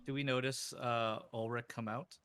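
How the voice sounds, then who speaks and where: A man's voice: medium pitch, fairly even intonation, normal speed, fairly bright tone, reverberant. A man asking plain questions as a player in a tabletop game. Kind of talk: casual tabletop play.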